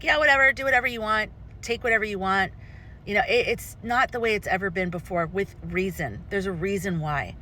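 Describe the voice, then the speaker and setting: A woman's voice: mid-range voice, a bit bright. A woman vlogger speaking her opinions with passion, rambling and often restarting her sentences. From United States. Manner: impassioned, rambling with frequent restarts. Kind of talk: personal opinion vlog.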